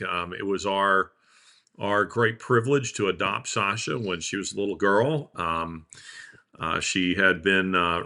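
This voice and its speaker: A middle-aged man with a Southern American accent, co-hosting a podcast and talking proudly about his daughter in a loose, rambling way. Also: deep voice. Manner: warm proud father, rambling with fillers. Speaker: podcast co-host. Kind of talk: casual chat on a video call.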